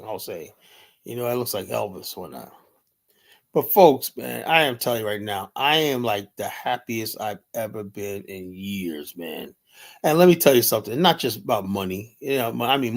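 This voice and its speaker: A man's voice: lowish voice, animated, moderate pace, vocal fry. A middle-aged man hosting a livestream, talking off the cuff in a blunt, heated and profane way, rambling and filling gaps with "you know". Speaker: livestream host. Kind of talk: unscripted livestream commentary.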